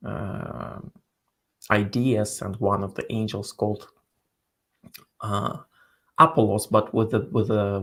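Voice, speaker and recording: A man speaking as a guest in a scholarly interview, explaining in a halting way as he searches for words. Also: on the low side, husky.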